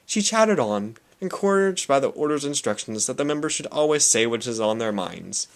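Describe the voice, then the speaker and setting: A young man reading a comic novel aloud as an amateur audiobook. His mid-range voice rises and falls a great deal, giving the narration an animated, expressive feel. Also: medium pitch, moderate pace. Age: young adult. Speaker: audiobook reader.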